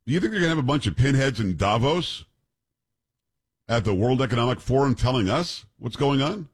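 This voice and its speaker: Husky-voiced joking podcast host, a man. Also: mid-range voice, lively intonation, a little fast. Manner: joking, rambling, trips over names. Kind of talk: casual chat and reading news aloud.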